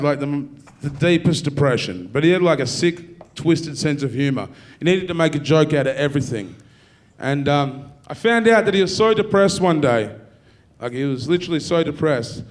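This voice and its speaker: Profane Australian stand-up comedian. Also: male voice, on the high side. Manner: profane, dark deadpan storytelling. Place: university theatre with live audience.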